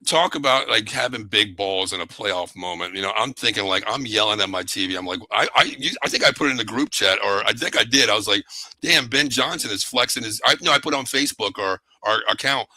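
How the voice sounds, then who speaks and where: A man hosting a casual sports talk show, animated and excitable, often calling his co-host by name. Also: on the low side, quick pace, hardly any pauses, no room sound, low-quality recording.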